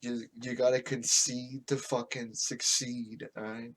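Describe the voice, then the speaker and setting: A man's voice: mid-range voice, little pitch movement, unhurried, a little hiss or hum. A man from the United States hosting a podcast, ranting casually with lots of swearing, restarts and rambling asides. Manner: profane, rambling, with frequent restarts. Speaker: podcast host. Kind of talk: casual political rant.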